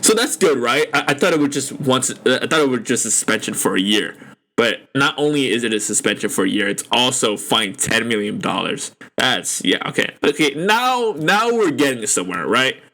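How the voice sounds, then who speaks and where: A young man hosting a podcast, reacting to news in a casual, excitable way with lots of swearing and slang. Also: medium pitch, normal speed. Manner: excitable, profane, lots of "dude" and "bro". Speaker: podcast host.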